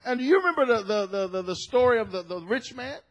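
A man preaching a sermon as pastor of his church, joking with the congregation and rising to shouted emphasis. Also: very high voice, expressive, fast, lo-fi sound. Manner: jokey, builds to shouted emphasis.

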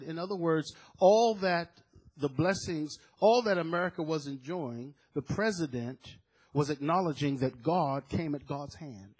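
A man's voice: a little high, measured pace, husky, poor audio. A man preaching a sermon, fervent and emphatic, often repeating words as he builds a point.

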